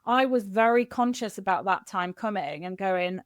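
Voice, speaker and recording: A middle-aged woman from Kent, a guest in a candid podcast interview, telling stories in an animated, expressive way. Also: mid-range voice, normal speed, hardly any pauses, no echo, clean studio sound. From Kent, England.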